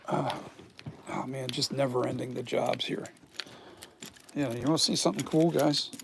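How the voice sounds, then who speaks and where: A man's voice: medium pitch, fairly even intonation, moderate pace, vocal fry, background noise. A tired middle-aged man who makes masks rambles casually to his viewers, filming himself on a phone camera in his home workshop. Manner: rambling, talks straight to viewers. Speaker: mask maker. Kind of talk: casual vlog chat.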